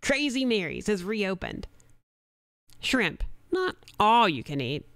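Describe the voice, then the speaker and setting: A woman reading a radio spot in a bright, punchy announcer style, each phrase sold with energy. Her voice is pitched in a middle range and recorded dry, right on the mic. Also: very animated, slow pace, no echo. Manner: upbeat, punchy announcer delivery. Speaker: commercial voice-over artist. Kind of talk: radio commercial read.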